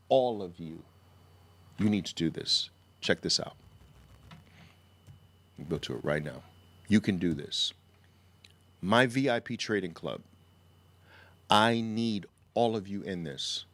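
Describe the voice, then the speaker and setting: A middle-aged man with a fairly low voice talks straight to his audience. He pitches trading lessons with emphasis and mocks naive shortcuts through pointed rhetorical questions. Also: a bit bright. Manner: mocking rhetorical questions, mimics naive traders. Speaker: trading educator. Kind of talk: emphatic sales pitch to camera.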